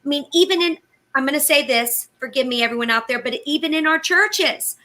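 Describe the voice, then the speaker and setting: A woman's voice: high-pitched, fairly quick, sharp tone. A woman co-hosting a faith talk show, speaking in an earnest, preacherly way. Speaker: co-host.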